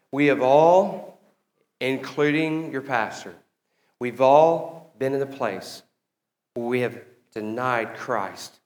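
A male pastor delivers his sermon slowly and deliberately, addressing the congregation. His voice is mid-pitched, and a long hall reverb trails after his words.

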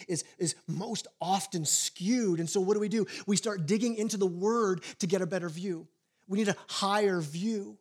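High-voiced animated pastor preaching. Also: male voice, slightly rough. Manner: animated storytelling with acted quotes and repeated restarts. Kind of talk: sermon.

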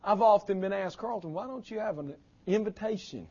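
A man preaching a sermon as pastor, impassioned, his voice swinging from loud declarations to hushed lines. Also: sits high, brisk, slightly rough, muffled recording.

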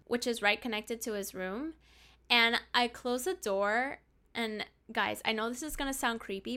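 A woman's voice: fairly high pitch, bright, forceful tone. A young woman casually telling a story to her viewers, swearing freely and acting out what each person said. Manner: profane, chatty, acts out quoted lines. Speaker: storyteller vlogger.

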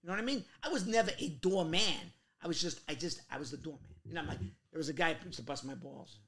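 A man tells stories in a loose interview, fast and animated. His voice is gravelly and bright, a little high for a man, and he slips into other people's voices as he goes. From Queens, New York. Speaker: guest actor. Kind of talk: casual storytelling interview.

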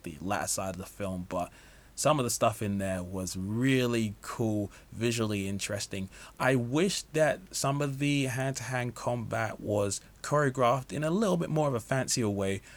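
A man giving a casual, opinionated film review, talking freely with lots of "like" and "you know" fillers. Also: fairly low pitch. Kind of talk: casual movie review monologue.

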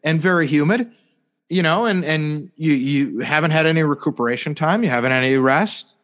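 Speaking fairly quickly in a bright voice on the high side, this sports podcast co-host rambles through a sarcastic story, leaning on fillers and playfully serious "hypothetically" asides in a casual show.

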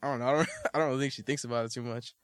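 A man being interviewed as a rapper, relaxed and slangy, laughing often. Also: mid-range voice, racing, no echo. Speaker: rapper, guest. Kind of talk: casual interview chat.

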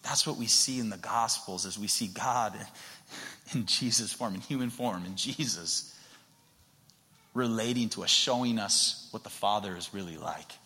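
A man's voice: lowish voice, moderate pace. Earnest male preacher in a reverberant hall. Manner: earnest, builds to emphatic passion, drops to soft whispers. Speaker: pastor. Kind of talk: sermon.

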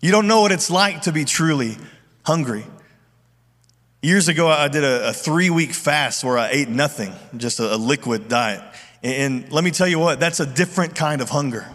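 Middle-aged pastor preaching in a reverberant hall. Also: male voice, fairly high pitch, lively intonation, normal speed, fairly bright tone. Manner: earnest, conversational preaching with repeated restarts. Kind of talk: sermon.

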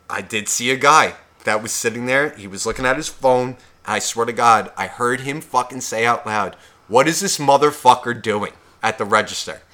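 A man's voice: mid-range voice, sharp tone. A man on a podcast, telling a profane shopping story and acting out both sides of the conversation. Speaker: podcast co-host. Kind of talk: casual storytelling rant.

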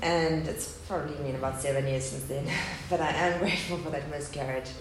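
A woman in her thirties gives a candid, earnest testimony about loss to a live audience at a faith gathering. Her deep voice runs fairly quick with fairly even intonation, and the hall echoes with a faint hum in the background.

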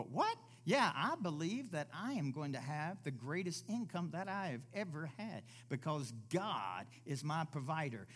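A man gives an emphatic sermon at a church service, his voice pitched slightly higher than most men's. He stacks up rhetorical questions to answer them himself and switches into other voices when quoting people.

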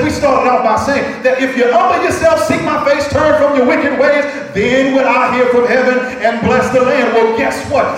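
A man preaching a sermon as pastor, quizzing the congregation with call-and-response questions, sometimes sing-song and sometimes shouting. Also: very high voice. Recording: very echoey hall, voice from far off.

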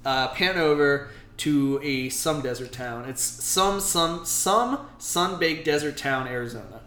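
Excitable man recapping comics, echoey room. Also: on the high side, measured pace. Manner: animated retelling with quoted character voices, frequent swearing and laughs. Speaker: podcast co-host. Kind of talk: casual comic book chat.

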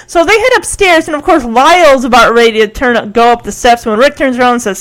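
A woman retells a TV episode in a loose, chatty way, filling her sentences with "like". Her voice sits high for a woman. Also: expressive, fairly quick, hardly any pauses, fairly bright tone, rough recording. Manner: chatty, filler-heavy, frequent "like". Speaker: episode recapper.

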